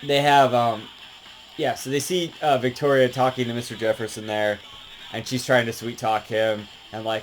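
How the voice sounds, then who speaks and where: Guy rambling through a game recap, mid pitch, faint music behind. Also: little pitch movement, moderate pace, rough recording. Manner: rambling, lots of filler and swearing. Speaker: game reviewer. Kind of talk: casual game review commentary.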